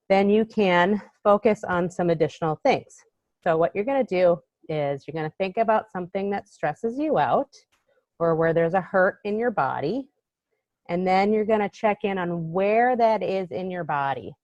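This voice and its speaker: A woman's voice: medium pitch, darkish tone, dry recording. A woman teaches children over a video call, speaking to them directly in a cheerful, encouraging way. The sound is dry and a little dull. She keeps an easy, friendly pace. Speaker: EFT tapping instructor for children. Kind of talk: live virtual class for kids.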